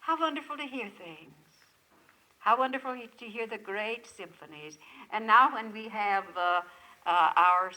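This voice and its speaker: A woman's voice: medium pitch, a little slow, bright, forceful tone, poor audio. An older woman speaking at a lakeside retreat camp, giving a devotional talk full of effusive rhetorical questions to her listeners.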